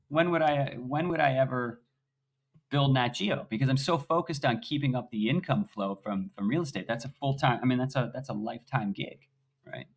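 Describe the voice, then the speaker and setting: Animated young man telling his story. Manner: animated storyteller, swings loud and high when excited. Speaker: podcast guest. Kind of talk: conversational interview.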